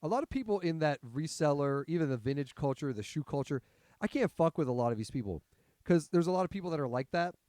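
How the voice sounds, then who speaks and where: A man talking bluntly and thoughtfully in a casual podcast chat, with plenty of swearing. His voice sits a little high. The sound is dry and close. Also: animated, quick pace, warm tone, no room sound. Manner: blunt, profane, reflective. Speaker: podcast co-host.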